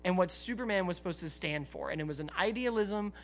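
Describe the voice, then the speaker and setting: A podcast co-host with a high-pitched voice talks fast and animatedly in casual podcast chat, with slight background noise. He speaks earnestly and from the heart, often restarting his sentences.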